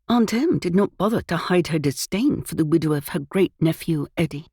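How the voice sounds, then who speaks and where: Lively, breathy woman narrator. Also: lowish voice, moderate pace, dry recording, clean studio sound. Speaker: audiobook narrator. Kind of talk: scripted narration of a cozy mystery.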